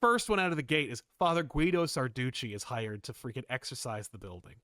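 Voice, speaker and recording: A man co-hosting a comic book podcast in a casual, animated chat. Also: mid-range voice, a little fast, no echo, studio quality. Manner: animated, jumps into quoted voices and laughs. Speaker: podcast co-host.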